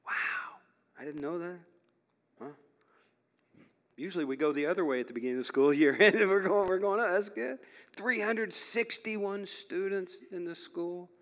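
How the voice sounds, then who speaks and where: A man's voice: a little high, normal speed, a bit bright. A man preaching as a pastor in a church, earnest and chatty, laughing now and then between points. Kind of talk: sermon. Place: church sanctuary. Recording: long reverb of a large hall.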